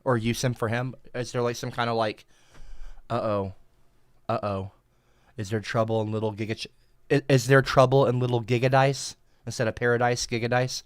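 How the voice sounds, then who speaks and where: A man livestreaming into a headset mic, reading chat aloud and cursing and yelling back at viewers. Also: mid-range voice, steady tone, normal speed, smooth, no room sound, clean studio sound. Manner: profane, combative, shouting back at chat.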